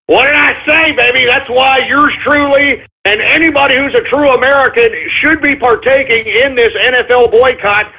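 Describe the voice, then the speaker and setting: A man's voice: very high-pitched, fairly even intonation, moderate pace, few pauses. A man playing a blustering, foul-mouthed Texan talk radio host who rants, curses and stumbles over his words. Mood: ranting. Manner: ranting, cursing, stumbling over words, drunk-sounding bravado. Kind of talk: parody talk radio rant. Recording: tinny phone-like radio sound.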